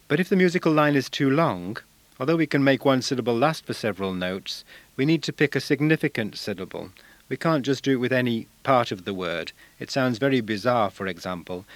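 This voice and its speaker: A male language teacher giving a measured, explanatory talk on using songs in class, now and then singing short examples. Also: lowish voice, no room sound.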